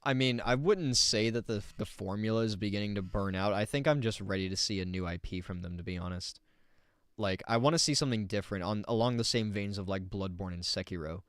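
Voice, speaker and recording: A man's voice: lowish voice, brisk, clean tone, no echo, clean studio sound. A man streaming himself reacting to a video, rambling casually and arguing back at what he hears.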